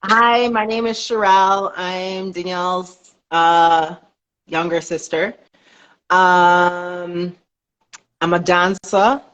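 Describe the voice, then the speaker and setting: A woman's voice: fairly low pitch, slow, lo-fi sound. A young woman from Canada, a dancer, chatting casually on a podcast and telling stories with frequent laughs. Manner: chatty, laughs often, animated storytelling. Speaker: guest, dancer and fitness business owner.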